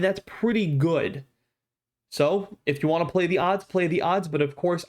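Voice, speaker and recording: Male host, slightly high voice, casual unboxing commentary, enthusiastic and emphatic. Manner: enthusiastic, salesy, emphatic about numbers. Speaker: card-opening channel host.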